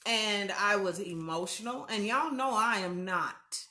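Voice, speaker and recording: A woman's voice: medium pitch, lively intonation, unhurried, pushed and bright. Chatty woman host in an echoey room. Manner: candid, chatty, addresses viewers as y'all. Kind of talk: casual livestream talk.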